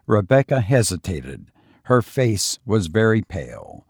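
A man with a husky voice narrating a story aloud, with a lively, rising and falling delivery. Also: lowish voice, a little slow, no echo, studio quality.

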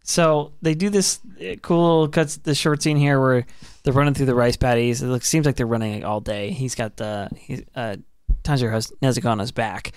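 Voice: medium pitch, fairly even intonation, moderate pace, clean tone, dry recording. Enthusiastic laughing podcast co-host. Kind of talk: casual chat.

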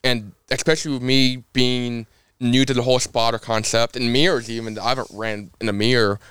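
A man's voice: medium pitch, brisk, clear, resonant tone, no echo. Young male racer, chatty storyteller, clean dry close voice, lots of fillers. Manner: rambling, animated anecdotes with many fillers. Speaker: race car driver guest. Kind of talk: casual storytelling on a podcast.

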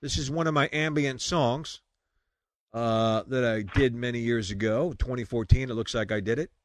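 A man's voice: medium pitch, moderate pace. A man with a New York accent hosting a Christian online radio show, chatting and joking with guests. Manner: joking, rambling, loud sign-offs. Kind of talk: casual chat.

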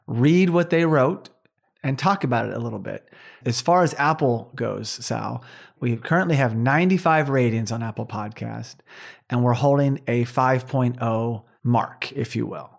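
A middle-aged man talking at a medium pitch as he co-hosts a casual podcast. His delivery is earnest and runs on at length, with long stretches of unbroken talk. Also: creaky. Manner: earnest, rambling, warm appreciation of fans. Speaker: podcast co-host.

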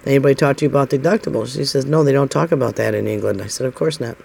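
A middle-aged man from the United States, speaking very fast at a medium pitch with vocal fry and a darkish tone, tells a personal story over slight background noise. He rambles casually and voices the dialogue with lots of "I said" and "he says."

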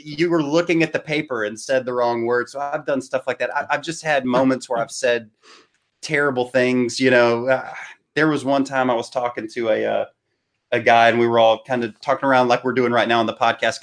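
A man, a guest preacher on a podcast, telling embarrassing stories in a lively way with laughs. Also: mid-range voice, a little fast. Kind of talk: casual storytelling.

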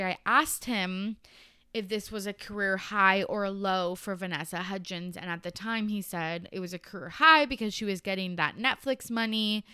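A woman's voice: mid-range voice, pushed and bright, clean tone, dry recording, clean studio sound. A young woman hosting a podcast, chatting casually and sarcastically about a movie, with frequent swearing and filler words. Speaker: podcast host. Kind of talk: casual movie review chat.

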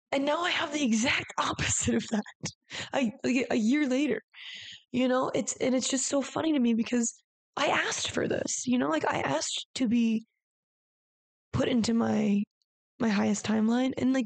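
A woman hosting her podcast in a candid, rambling monologue, peppering her speech with "like" and the odd swear. Her voice sits a bit high for a woman and is edged with gravelly fry. The sound is dry and close. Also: a little mellow, no echo. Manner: rambling, confessional, frequent "like" and casual swearing. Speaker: podcast host.

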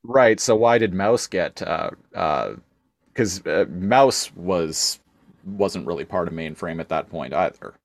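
Man for casual podcast talk, low and dry, halting delivery. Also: gravelly, dry recording. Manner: hesitant, many fillers and restarts, laughs often. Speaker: podcast co-host. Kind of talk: casual chat.

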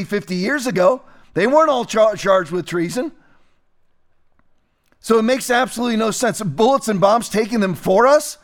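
Emphatic high-voiced male commentator. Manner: emphatic, repeats phrases for emphasis. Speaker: political commentary host. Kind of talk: opinionated political commentary.

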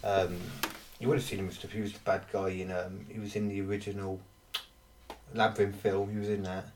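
A man co-hosting a casual podcast, rambling with pauses and restarts. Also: fairly low pitch, flat delivery, far from the mic, slight background noise. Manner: rambling, many fillers and restarts. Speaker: podcast co-host. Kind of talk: casual chat.

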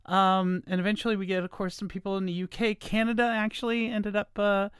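A woman's voice: medium pitch, flat delivery, fairly quick, clean tone, no echo, studio quality. A woman hosting her own podcast, talking in a chatty, meandering, friendly way in a casual solo monologue. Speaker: podcast host. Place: at home late at night.

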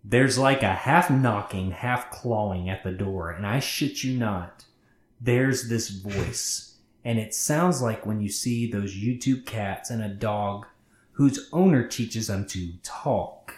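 A man's voice: lowish voice, slow. A man co-hosting a podcast, casually reading a scary story aloud, swearing freely and stopping to comment. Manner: profane, chatty, breaks off to comment. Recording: roomy echo.

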